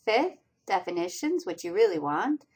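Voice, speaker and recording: A woman's voice: mid-range voice, very animated, normal speed, a little mellow, slightly rough. A woman teaching a college reading class, talking through slides step by step and asking students questions as she goes. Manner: patient, step-by-step explaining with quiz questions to students. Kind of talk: recorded slideshow lecture.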